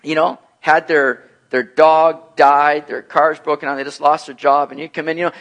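Animated, high-voiced male preacher. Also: normal speed, few pauses. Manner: lively, acts out bubbly and gloomy voices in his examples. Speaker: pastor. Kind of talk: expository sermon, casual and animated.

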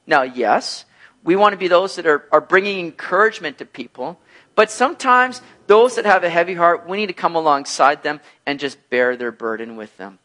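A man preaching through a Bible passage in an easy, conversational way. His voice sits high for a man, and it rises and falls with energy as he explains each verse. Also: moderate pace. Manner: lively, acts out bubbly and gloomy voices in his examples. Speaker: pastor. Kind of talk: expository sermon, casual and animated.

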